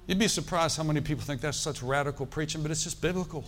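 A man preaching a sermon, animated and quoting scripture, calling out for amens. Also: a little high, quick pace.

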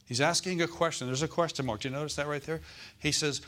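A man preaching a sermon as pastor, calling out to the congregation and slowing down to stress scripture verses. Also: fairly high pitch, expressive, fairly bright tone. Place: church.

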